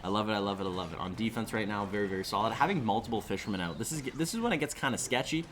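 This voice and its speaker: A man giving live esports commentary on a stream, excitable and rambling, often restarting his sentences. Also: on the low side, very fast, slight background noise. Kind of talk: live esports commentary with chat shout-outs.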